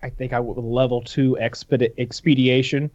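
A man's voice: medium pitch, little pitch movement, normal speed, darkish tone, dull audio. A man chatting casually on a podcast, rambling and restarting, acting out quotes. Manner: rambling, restarts, acts out his own quotes. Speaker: podcast co-host. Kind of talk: casual chat.

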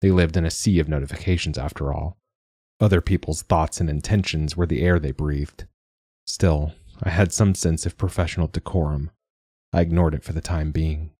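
A man giving measured, wry, reflective first-person audiobook narration. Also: very deep voice, steady tone, dark tone, husky, no echo.

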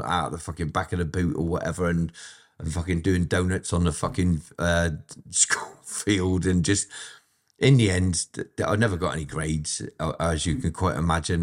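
A middle-aged man, telling blunt, profane, rambling stories about his past as an interview guest. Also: low voice. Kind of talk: casual storytelling, heavy swearing.

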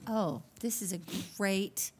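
A woman hosting a casual chat, reacting warmly and asking follow-up questions, with affirming interjections and laughter. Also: medium pitch, takes it slowly, husky. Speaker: host.

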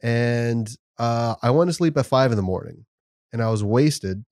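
A man's voice: medium pitch, expressive, normal speed, a little mellow, dry recording, clean studio sound. Laughing, rambling man on a podcast. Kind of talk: casual chat.

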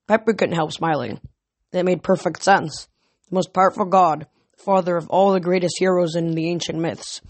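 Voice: medium pitch, fairly even intonation, moderate pace, no echo. A reader narrating an audiobook in a plain way, with small slips and self-corrections.

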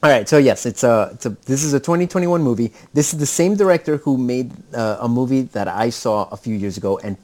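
A man's voice: mid-range voice, fast, hardly any pauses, a little mellow. A man co-hosting a casual film chat, swearing freely and often tagging his sentences with "okay?". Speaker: podcast co-host presenting films.

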